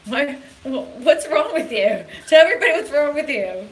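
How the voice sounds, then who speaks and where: On a phone-camera live stream from a hotel room, a woman real estate agent chats in a giggly, rambling way. Her high voice has a sing-song quality at normal speed, and the audio is poor.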